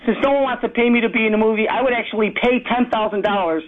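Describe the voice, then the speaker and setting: A man with a Chicago accent calling into a show, rambling rapid-fire from one topic to the next. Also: high-pitched. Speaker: caller. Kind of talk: rambling call-in monologue. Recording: tinny phone line.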